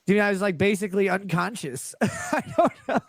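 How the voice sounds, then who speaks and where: Male stream guest, high-pitched, rambling and loose, reads chat aloud, dry close mic. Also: animated, normal speed, no room sound. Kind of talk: casual livestream chat.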